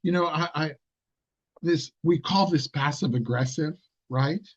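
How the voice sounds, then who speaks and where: Slow, husky-voiced man giving a sermon. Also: a little high, dull audio. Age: older. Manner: conversational, self-correcting, laughs at his own asides. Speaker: preacher. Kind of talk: informal sermon.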